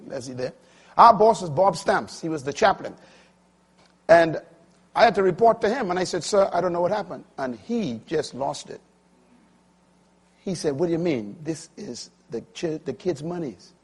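Husky preacher man in his sixties. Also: a little high. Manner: preaching with big swings from quiet to loud. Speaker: pastor. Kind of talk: sermon.

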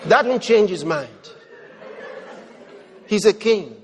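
A high-pitched male preacher delivering an animated sermon. He shifts from loud cries to hushed murmurs and mimics people's prayers. His voice rings out with a long reverb tail. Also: slow, some chatter behind, a little hiss or hum. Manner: animated, swings from shouting to low murmurs, acts out prayers.

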